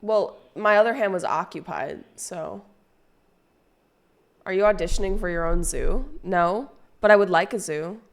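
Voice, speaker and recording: A woman's voice: fairly low pitch, unhurried, vocal fry. Rambling, crude young woman streamer. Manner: rambling, crude and playful, reads chat aloud. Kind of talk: casual live-stream chat with viewers.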